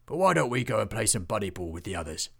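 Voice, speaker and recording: Kindly storybook halfling, matter-of-fact and gravelly, played by the narrator. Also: male voice, fairly low pitch, big pitch swings, fast, fairly bright tone, exaggerated voice. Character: kindly pipe-smoking male halfling.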